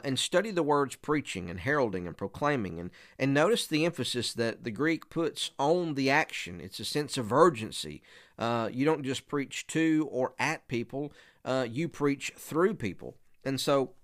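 A man's voice: medium pitch, a bit bright. A man who preaches, giving an earnest, conversational teaching talk to other preachers, often restarting and repeating words.

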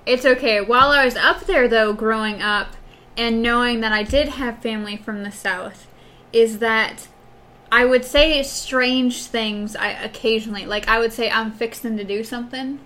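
A woman's voice: on the high side, steady tone, unhurried, pushed and bright. A young woman from Wisconsin co-hosting a casual chat, rambling through stories with many fillers.

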